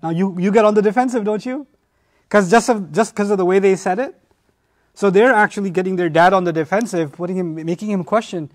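A middle-aged man giving a lecture on scripture, animated, often acting out the voices of the people in the story. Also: high-pitched, brisk. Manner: animated, acts out quoted voices. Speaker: Quran teacher.

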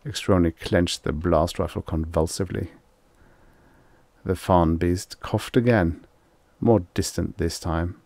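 A man narrating an audiobook in a steady, measured reading. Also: sits low, vocal fry, no echo. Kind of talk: scripted narration.

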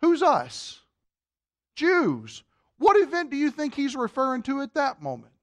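A male pastor delivering a sermon in a church, his pitch swinging up and down with animation. He keeps asking the congregation questions and drops to a hushed voice when he wants to drive a point home. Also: wildly swooping pitch, measured pace. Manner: drops to a low, quiet voice for emphasis. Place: church sanctuary.

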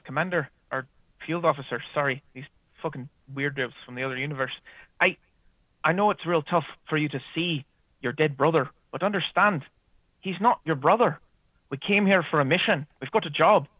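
A man voicing a gruff, blunt male Irish officer who swears and talks impatiently, over a tinny line. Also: a little high, normal speed, no room sound, lightly acted.

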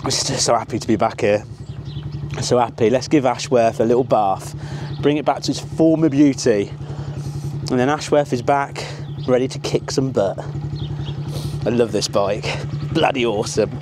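A man's voice: mid-range voice, moderate pace, noisy background. A man vlogging casually while working on his motorbike, jokey and chatty. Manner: jokey, chatty, laughs often. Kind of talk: casual vlog chat.

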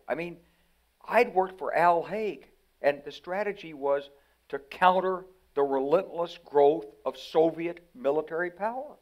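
An older American man, a retired general, is a guest in a conversational interview, animatedly telling stories and acting out the voices he quotes. His voice is fairly high-pitched and a little slow.

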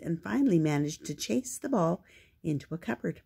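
An older woman reading a children's picture book aloud, gentle and expressive. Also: lowish voice, moderate pace, vocal fry, husky. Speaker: storyteller.

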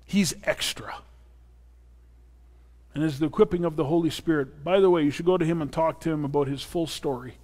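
A pastor delivers a sermon in a church sanctuary, earnest and personal with playful asides. His voice sits on the high side and is a little mellow, and the recording carries the long reverb of a church hall.

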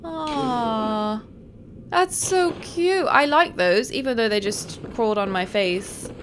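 A young woman talks through a video game she is playing for the first time, chatty and prone to shrieks and laughter. Her voice sits a little high and her delivery is slow and drawn out. A steady hiss of background noise runs under the recording. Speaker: gaming streamer. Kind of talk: let's play commentary.

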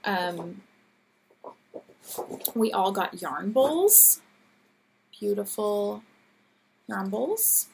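A woman's voice: mid-range voice, big pitch swings, drawn-out words, vocal fry, pauses often, darkish tone. A woman in her thirties hosting her own show, chatting casually and gushingly, her voice a little scratchy. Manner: chatty, gushing, laughs often. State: teary. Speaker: podcast host. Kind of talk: casual chat.

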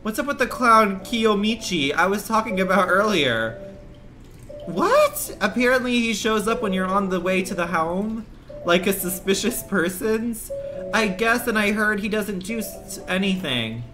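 A male streamer grumbles through a game with crude sarcasm, and his pitch swings widely from low mutters to sudden squeaks. Game music runs loudly under him. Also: expressive, moderate pace. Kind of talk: casual let's-play commentary.

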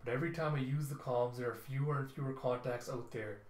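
A man's voice: mid-range voice, fairly even intonation, fast, close to an everyday voice. A tired, protective father on a far colony world, speaking grimly and plainly as a man reads his lines from a comic. The voice sits in a middle register. It rings in a roomy space. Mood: worried. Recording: roomy echo.

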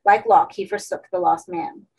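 A woman reading a horror story aloud as an audiobook, in steady narration. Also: fairly low pitch, normal speed, gravelly, husky, rough recording. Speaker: audiobook reader.

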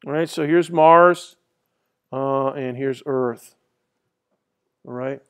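A man's voice: medium pitch, slow, clear, resonant tone. A man giving a classroom lecture in a rambling, conversational way, with fillers and restarts. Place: lecture hall.

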